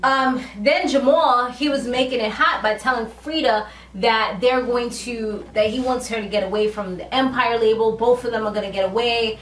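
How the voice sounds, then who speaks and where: A fairly high-voiced woman recaps a TV episode in a casual, slangy vlog, acting out the characters' lines with lots of animation. She sits a bit back from the mic in a roomy, echoey space. A faint hum of ambience runs underneath. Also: moderate pace, few pauses, fairly bright tone, far from the mic. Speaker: TV recap vlogger.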